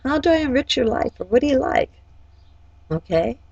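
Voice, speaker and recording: A woman's voice: high-pitched, big pitch swings, normal speed, gravelly, a little mellow, breathy edge, no echo, dull audio. A woman giving a casual, chatty horoscope forecast. She often checks in with "okay?" and talks directly to each sign. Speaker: astrology forecaster and life coach.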